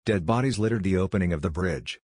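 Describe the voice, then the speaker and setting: A man reads fan fiction aloud in an even, steady way. His voice is low and the recording is dry and close. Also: fast, no echo. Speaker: story narrator.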